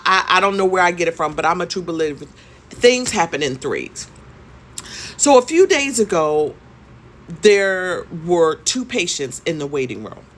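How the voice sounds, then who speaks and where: Emphatic woman in her fifties telling a story. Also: low voice. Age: 50s. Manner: emphatic, conversational, repeats points. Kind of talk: storytime vlog.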